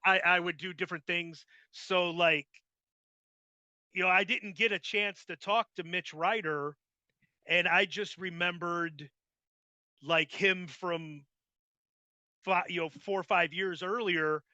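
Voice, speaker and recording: Male host, casual chat, rambling, crisp dry sound, very bright tone. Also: high-pitched, steady tone, slow, pauses often, no echo, dull audio. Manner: rambling, full of "like" and restarts. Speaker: podcast host.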